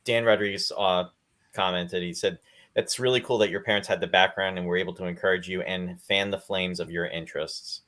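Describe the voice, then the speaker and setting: A man hosting a show, reading out viewer comments and questions to his guest in a friendly, relaxed way. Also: deep voice, a little fast. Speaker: podcast host.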